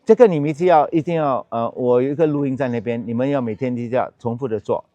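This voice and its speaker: A male Buddhist monk gives a dharma lesson, moving between English and Mandarin as he explains each step. He chants mantra syllables slowly and deliberately, in a mid-range voice. The sound is dry, with little room echo. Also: mid-range voice, warm tone, lo-fi sound. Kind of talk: dharma teaching with mantra recitation.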